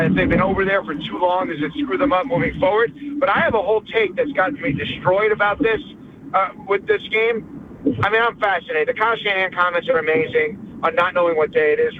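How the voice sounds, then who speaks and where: A man calling in from his car, talking sports in an emphatic, opinionated way. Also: sits high. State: driving. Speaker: caller. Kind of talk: casual sports talk by phone. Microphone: cell phone. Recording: tinny phone line with faint road noise.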